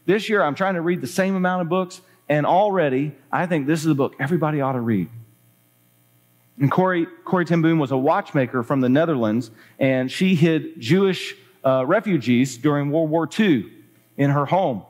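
A man's voice: fairly high pitch, normal speed. Earnest man preaching a sermon. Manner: earnest, personal, heartfelt. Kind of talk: sermon with read-aloud passage.

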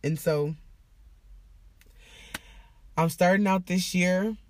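A woman's voice: on the low side, slow pace, a little mellow. A woman talking candidly to her viewers in a heartfelt, emotional, casual and profane way. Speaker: vlogger. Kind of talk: candid personal vlog talk.

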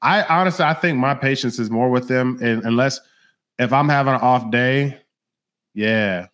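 A man in his thirties hosting a podcast in casual chat, telling lively stories about his children and acting out their voices. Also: mid-range voice, moderate pace. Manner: animated storyteller, acts out his kids' voices. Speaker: podcast host.

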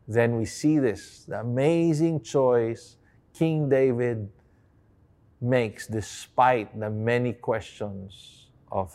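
A man's voice: mid-range voice, slow, darkish tone. A man giving a devotional sermon, moving from a reflective story told with hesitant restarts to impassioned, rising emphasis. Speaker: preacher.

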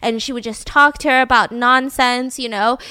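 Young woman, podcast host, chatty true-crime storytelling, fairly high voice, dry close sound. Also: steady tone, moderate pace, bright, forceful tone, clear, resonant tone, dry recording. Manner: chatty, with many fillers.

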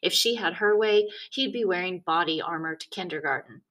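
A woman reading a chapter of a children's novel aloud, telling it in the first person with a wry, deadpan tone. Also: lowish voice, brisk. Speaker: audiobook narrator. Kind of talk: first-person storybook narration.

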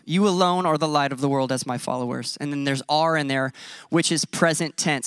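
A man's voice: on the high side, a little fast, a bit bright, clean tone, dry recording, studio quality. A man in his thirties preaching a sermon as a pastor, conversational and self-deprecating. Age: 30s.

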